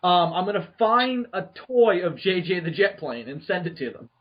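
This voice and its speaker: A man hosting a podcast in casual chat, joking, swearing freely and getting excited. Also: high voice, moderate pace, highs cut off. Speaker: podcast host.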